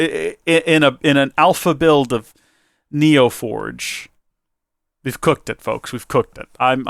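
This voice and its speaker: A man's voice: medium pitch, dry recording, studio quality. A man hosting a casual gameplay video, talking in a rambling, self-deprecating and flustered way. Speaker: let's play host.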